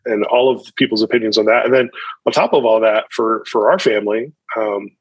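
A man's voice: on the low side, steady tone, brisk, breathy edge, dry recording, rough recording. A man in his thirties, a pastor, talking reflectively in a podcast interview, often restarting his sentences. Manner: reflective, with frequent restarts and fillers.

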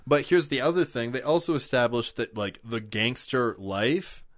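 A man's voice: medium pitch, animated, moderate pace. A man co-hosting a casual movie review podcast, joking and riffing in mock voices. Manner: jokey, riffs in mock voices. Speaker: podcast co-host.

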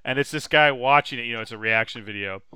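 Bright, crisp-voiced male podcast host. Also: mid-range voice, fast talker, no echo. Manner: animated storyteller, loud laughing impressions. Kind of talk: casual chat.

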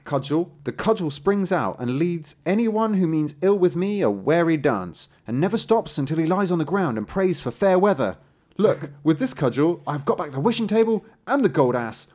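A man's voice: fairly high pitch, voice pushed up. Storybook proud young apprentice, brassy and declaiming, as a male reader puts him on. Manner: bright, boastful declaiming.

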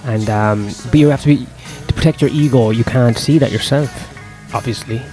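A young stand-up comedian talks through his gigs in a casual vlog monologue, his mid-range, warm voice moving at a moderate pace. The ramble is profane and self-deprecating, with faint music behind him.

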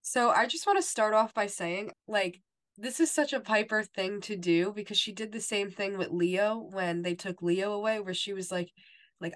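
A woman's voice: medium pitch, normal speed. A woman co-hosting a podcast, chatting casually about a TV episode and filling her talk with "like" and "you know". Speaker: podcast co-host. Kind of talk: casual TV recap chat.

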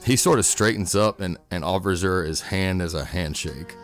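A man's voice: sits low, moderate pace, soft background music. A man playing a tabletop game, describing his character's actions casually with many fillers. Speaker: player.

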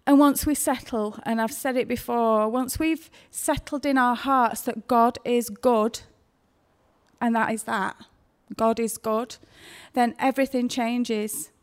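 A woman giving a gentle, emotional devotional talk, speaking tenderly about faith. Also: on the high side, steady tone, slow pace, clean tone. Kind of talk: devotional sermon.

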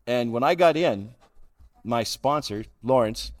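A man's voice: medium pitch, animated, measured pace. A middle-aged man gives a humorous, self-deprecating personal talk as a guest speaker, chuckling at his own jokes. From Calgary, Canada. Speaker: guest speaker at a recovery roundup.

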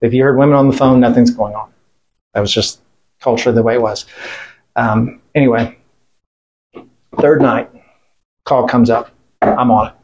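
A military veteran, interviewed as a guest, tells a story bluntly and casually, swearing, rambling with restarts and fillers, and quoting what others said. His mid-range voice is darkish and fairly even, at a moderate pace with frequent pauses, and the sound is lo-fi.

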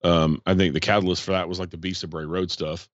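A man's voice: sits low, flat delivery, quick pace, no room sound, dull audio. A man, chatting casually on a podcast and rambling with many fillers. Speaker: podcast host. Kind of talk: casual chat.

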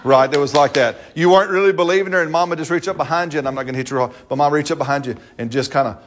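A man preaching a sermon, playful and animated, often breaking into laughter and call-and-response with the congregation. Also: on the high side, racing, a little hiss or hum.

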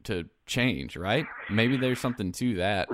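Animated male podcast host. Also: lowish voice, unhurried, noisy background. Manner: animated storyteller, laughs between phrases. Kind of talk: casual chat.

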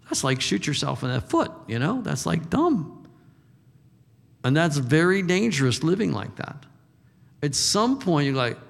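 A man's voice: on the high side, very animated, unhurried, creaky, long pauses. A man preaching a sermon in an informal, conversational way, acting out the voices he quotes and chuckling now and then. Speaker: pastor. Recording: long reverb of a large hall.

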